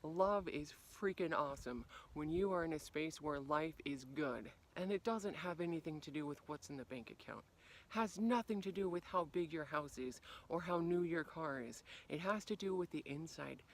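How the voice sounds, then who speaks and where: A woman life coach speaks to camera outdoors on a freezing day. She talks with animated energy and plays out little scenes with sudden leaps in pitch and loudness. On her reflective points she turns soft and quiet. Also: moderate pace. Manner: animated, acts out quoted reactions with big swings in pitch and volume. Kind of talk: motivational talk to camera.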